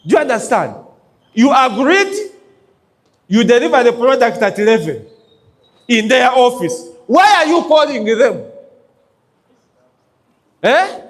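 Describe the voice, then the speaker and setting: A man's voice: extremely high pitch, very animated, takes it slowly, pauses often. A man giving a motivational business talk to an audience, emphatic and checking in with his listeners. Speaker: business coach.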